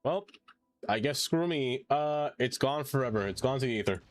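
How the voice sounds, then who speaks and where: A man's voice: mid-range voice, animated, normal speed, soft background music. A man live-streaming a game, chatting playfully, thanking viewers and groaning theatrically at mistakes. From not American. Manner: playful, theatrical groans, reads chat aloud. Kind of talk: casual live-stream chat while playing.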